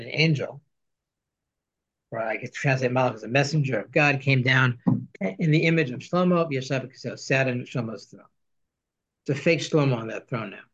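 Male teacher, reads passages in the original and translates line by line; slightly muffled recording. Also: mid-range voice. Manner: reads Hebrew and Aramaic quotes, translating each line. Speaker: Torah teacher. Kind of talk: text study lesson.

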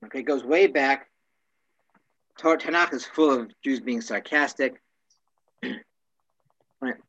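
A man teaching a casual class, wry and joking, often clearing his throat. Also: mid-range voice, slow, fairly bright tone, highs cut off.

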